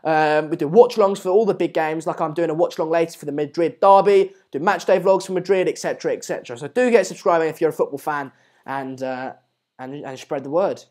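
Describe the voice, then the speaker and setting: A man with a slightly high, darkish voice hosts a live match watchalong, talking fast and rambling loosely. His commentary on the play is packed with fillers and restarts, and he keeps breaking off to ask viewers to subscribe.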